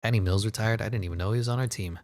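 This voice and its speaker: A man with a fairly low voice runs through his basketball video game in loose, casual commentary. He talks to himself, jumps between deadpan asides and sudden bursts of excitement, and swears and laughs freely along the way. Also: very fast. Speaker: gaming commentator.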